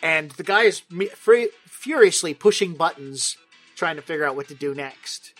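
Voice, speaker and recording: A man with a fairly high voice narrates a tabletop game as its game master. His manner is playful and wry, and he often laughs between lines. Faint music plays behind him. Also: animated, moderate pace, a bit bright.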